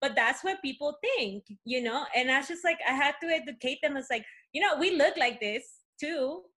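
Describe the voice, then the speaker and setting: Bright, high-voiced woman from Peru. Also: moderate pace. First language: Spanish. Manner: animated, lots of fillers like "you know, like". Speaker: guest. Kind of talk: casual conversational storytelling.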